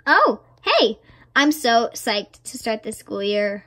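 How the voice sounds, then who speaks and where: A young woman clowns through a string of student introductions in a home-made skit. Her voice sits high and bright and swings widely in pitch. She slips playfully from one put-on character to the next. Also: big pitch swings, takes it slowly. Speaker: amateur actor playing several students and a principal.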